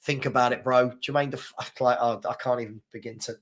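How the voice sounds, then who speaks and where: A man's voice: mid-range voice, steady tone, brisk. A man hosting a casual live football chat, reading out viewer comments in a rambling, slangy way and repeating himself. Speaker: football chat show host.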